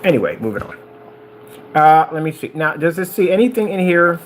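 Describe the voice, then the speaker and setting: Excitable rambling man, lively pitch. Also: fairly quick, slight background noise. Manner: excitable, rambling, wanders off topic. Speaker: business owner reviewing projectors. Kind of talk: casual rambling talk.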